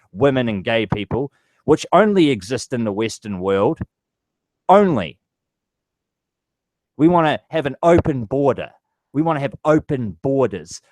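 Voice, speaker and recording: A man's voice: mid-range voice, no room sound, low-quality recording. A man vlogging a heated, profane political rant straight to his viewers. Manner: angry, profane ranting.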